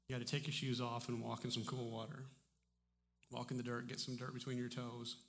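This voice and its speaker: A man preaching a sermon as pastor, in a relaxed, conversational way with frequent restarts, in a church sanctuary. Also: medium pitch, gravelly. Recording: long hall reverb.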